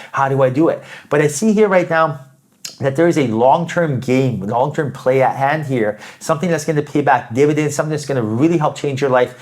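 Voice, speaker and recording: A man's voice: on the high side, a little mellow. A man giving a spiritual tarot reading, upbeat and emphatic, often tagging his points with "right?" and repeating phrases. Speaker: tarot reader.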